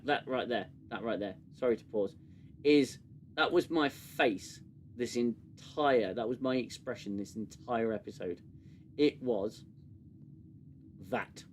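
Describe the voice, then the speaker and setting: A man's voice: medium pitch, fairly bright tone, slight background noise. A man hosting a casual review livestream, sarcastic and rambling with many fillers. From United Kingdom. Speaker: show host.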